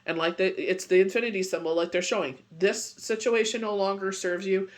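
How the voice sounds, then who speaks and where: A tarot reader with a high-pitched, fairly even voice speaks fairly quickly through a casual daily reading. He rambles with lots of "you know" and "it's just like," and he's still recovering from a bad cold.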